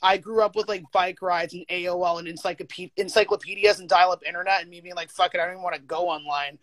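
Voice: mid-range voice, fairly even intonation, quick pace, a bit bright, no room sound. A teacher as a guest in a casual chat, talking candidly with frequent swearing and filler words. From United States.

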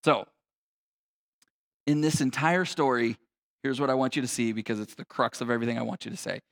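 A man's voice: mid-range voice, steady tone, a little fast, creaky, big-room sound. A man preaching a sermon as a pastor, in a casual, conversational and slangy way.

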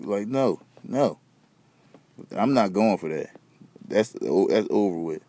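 A man's voice: rumbling low, moderate pace, dark tone, no room sound. A young man hosting a podcast, rambling in loose, slangy, profane casual chat. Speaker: podcast host.

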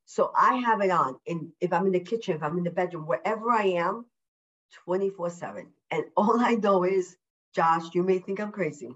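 A woman as a podcast guest, talking in an effusive, upbeat way, repeating words for emphasis and deliberately slowing her speech. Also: lowish voice, highs cut off. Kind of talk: casual interview chat. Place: at home.

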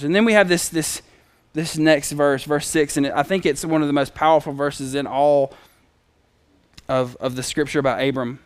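A man's voice: a little high, steady tone, normal speed, clear, resonant tone, no echo. A man preaching a sermon in a conversational storytelling manner. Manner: conversational storytelling with acted quotes.

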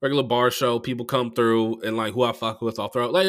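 A man chatting on a podcast, spinning rambling, profane stories with plenty of animation. His voice has a bright, forceful edge at a middle pitch, and he jumps into loud bursts when he quotes himself. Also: flat delivery, a little fast. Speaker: comedian telling stories. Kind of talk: casual podcast chat.

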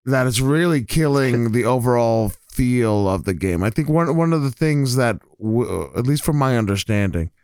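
A man hosting a casual podcast, rambling through his stories and stopping often to restart a thought. His voice sits in an ordinary middle pitch. The recording is dry, with no room sound. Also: animated, darkish tone, clear, resonant tone, dry recording. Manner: rambling, halting with many fillers and restarts. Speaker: podcast host.

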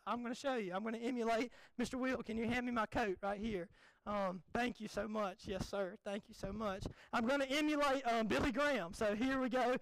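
High-voiced young pastor. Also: male voice, vocal fry, dry recording, rough recording. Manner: folksy, animated, self-deprecating. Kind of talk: sermon.

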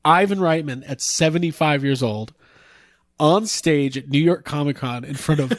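Man, podcast host, excitable, swears, dry close sound. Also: fairly high pitch, moderate pace, dry recording. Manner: enthusiastic, swearing, storytelling. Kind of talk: casual chat.

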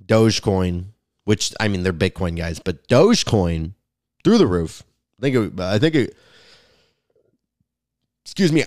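Profane, rambling podcast host. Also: male voice, on the low side, no room sound, clean studio sound. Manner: crude, profane, rambling, with sudden loud outbursts. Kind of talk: comedic podcast rant.

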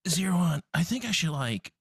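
A man's voice: on the high side, very animated, normal speed, husky, dry recording, studio quality. A man playing a tabletop game, joking and teasing the others. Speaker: player. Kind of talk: casual chat.

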